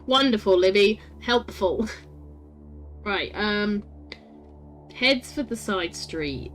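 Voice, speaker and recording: A woman's voice: mid-range voice, animated, slow pace, faint music behind. A woman streaming a story game, chatting with her viewers, laughing often and swearing casually.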